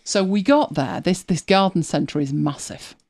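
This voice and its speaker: A woman's voice: on the low side, unhurried, a little mellow. A British woman hosting a live show in casual chat, telling rambling stories with frequent restarts and self-corrections. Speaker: host.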